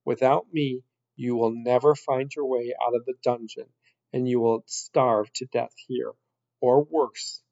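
A man's voice: medium pitch, steady tone, a little slow, gravelly, darkish tone, dry recording. A man voicing a cruel, scornful male rat villain with a haughty, sneering delivery. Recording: dull lo-fi recording.

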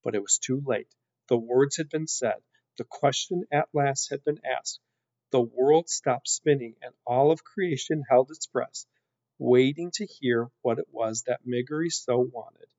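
Guy reading a kids book out loud, slow and expressive, dry lo-fi sound. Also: mid-range voice, no echo. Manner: unhurried, expressive storytelling. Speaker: story reader. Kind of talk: reading a children's book aloud. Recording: dull lo-fi recording.

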